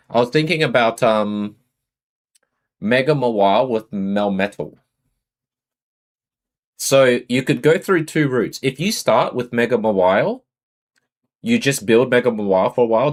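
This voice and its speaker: A man's voice: mid-range voice, animated, normal speed, long pauses. A man with an Australian accent chatting casually on a live stream, greeting and answering his viewers.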